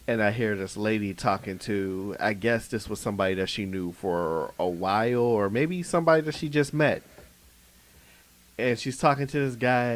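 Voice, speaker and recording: A man co-hosting a podcast, telling a story in casual chat, animated and laughing as he acts out quotes. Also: fairly low pitch. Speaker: podcast co-host.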